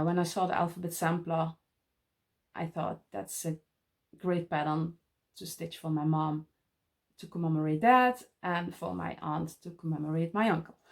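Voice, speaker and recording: A middle-aged woman with a Dutch accent, showing her cross-stitch in a casual vlog and often pausing to find her English words. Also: fairly low pitch. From Netherlands. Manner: halting, searching for English words. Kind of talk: casual show-and-tell vlog.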